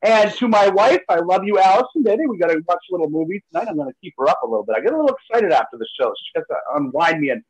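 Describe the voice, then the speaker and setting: A male co-host giving energetic, motivational shout-outs on a talk radio show, playful with nicknames. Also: sits high, racing, few pauses, slightly rough, poor audio.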